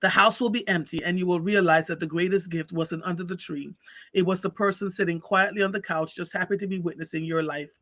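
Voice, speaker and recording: A man with a high, bright, ringing voice reads a story aloud to his livestream audience. He takes it slow, with heartfelt pauses, on a close, dry mic. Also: fairly even intonation, no echo. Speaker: livestream host. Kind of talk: reading a story aloud, then chatting with viewers.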